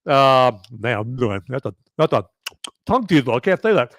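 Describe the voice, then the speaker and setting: A man's voice: medium pitch, expressive, normal speed, fairly bright tone, no echo, clean studio sound. A man hosting a live movie review podcast, talking casually and sarcastically with many fillers and frequent "okay?" checks to his chat.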